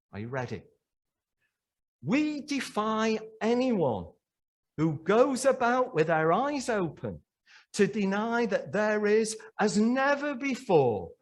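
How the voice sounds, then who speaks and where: A man's voice: fairly high pitch, darkish tone. A man preaching a sermon in church, emphatic and full of rhetorical questions to the congregation.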